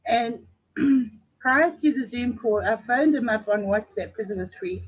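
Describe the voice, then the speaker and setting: A woman's voice: a little high, a little slow, husky, lo-fi sound. A woman guest on a live stream, a chat moderator, telling stories in a chatty way and laughing often.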